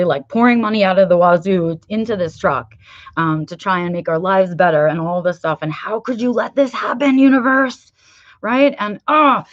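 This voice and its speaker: A candid woman hosting a casual livestream, her voice sitting a little low. She keeps checking in with her viewers and swears freely. The sound is dry and a bit dull. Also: no echo. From New York. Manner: candid and animated, frequent "right?" and swearing. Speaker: livestream host.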